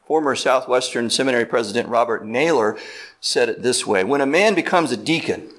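A man's voice: mid-range voice, lively intonation, a bit bright. Man preaching an earnest sermon. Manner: earnest, deliberate preaching with slow emphatic stretches; explains words step by step, asks listeners "right?". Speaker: pastor.

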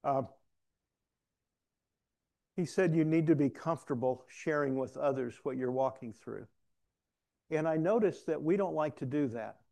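A man's voice: a little high, unhurried, gravelly, pauses often, mellow. A man, a preacher, giving a candid testimony to a room, storytelling with self-deprecating humor. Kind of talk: testimony sermon. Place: room with an audience.

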